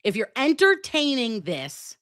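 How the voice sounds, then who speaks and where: A woman's voice: on the high side, wildly swooping pitch, measured pace, fairly bright tone, dry recording, studio quality. A woman on a livestream scolding the audience in an emphatic, insistent way. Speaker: livestream co-host.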